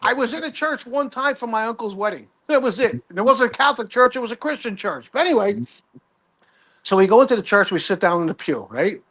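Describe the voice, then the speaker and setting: A man in his sixties casually telling a story from his youth, animated and rambling, swearing freely. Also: very high voice, fast talker. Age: 60s. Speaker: guest storyteller.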